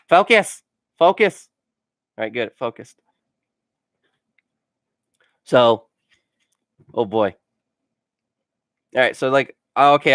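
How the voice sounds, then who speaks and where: For a casual vlog, a man who hosts a gaming channel rambles through funny stories, peppering them with "like" and laughing at himself. His voice is medium-pitched, recorded cleanly in a studio with no echo.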